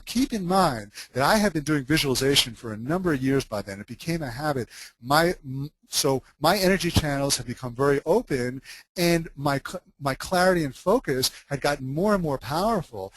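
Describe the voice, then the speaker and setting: A man's voice: a little high, no echo, poor audio. A man giving an unscripted spoken lesson as a wellness course teacher, talking earnestly and often restarting and correcting himself mid-sentence.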